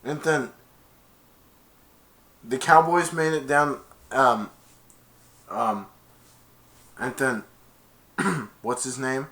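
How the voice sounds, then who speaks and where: This man recounts a movie's plot as a reviewer, extremely slowly and with long pauses. He strings scenes along with "and then" and suddenly jumps into loud, high-pitched voices for the characters.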